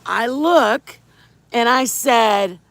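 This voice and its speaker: Brief: middle-aged woman livestreamer, gravelly, slightly high, chatty and rambling. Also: drawn-out words, no echo. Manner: rambling, animated storytelling, shouts greetings to viewers. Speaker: livestream host. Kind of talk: casual chat with viewers.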